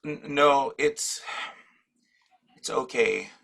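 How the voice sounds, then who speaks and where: Man as a slow-spoken, bright-voiced nervous disciple who stumbles on his words. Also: mid-range voice, gravelly, full character voice. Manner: halting, stammering. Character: anxious, aggrieved male disciple. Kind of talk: audio drama acting.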